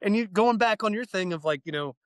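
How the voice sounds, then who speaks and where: Excitable high-voiced guy swearing casually. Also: a little fast, smooth. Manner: excitable, profane, acts out little dialogues. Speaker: guest, fire training instructor. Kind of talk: casual podcast chat.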